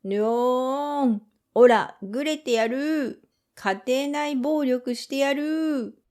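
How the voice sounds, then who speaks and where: A bratty little boy full of childish, whiny drama, as a woman reads him aloud from a manga. The voice sits fairly high and is pitched as a cheeky kid throwing a tantrum. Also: unhurried, darkish tone. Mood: wailing. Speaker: manga reader. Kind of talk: acted manga reading.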